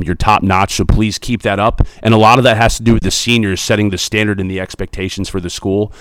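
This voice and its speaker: A man's voice: sits low, dry recording. A man in his thirties, a school principal, answering student questions in a chatty, upbeat, joking way. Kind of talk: casual interview answers.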